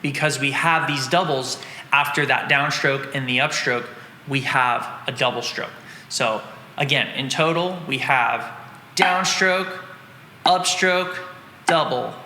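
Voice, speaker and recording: Man, drum teacher, patient step-by-step explaining, very bright voice, roomy echo. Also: medium pitch, fairly even intonation, unhurried, slight background noise. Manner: explains patiently, counting out strokes. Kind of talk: instructional drum lesson.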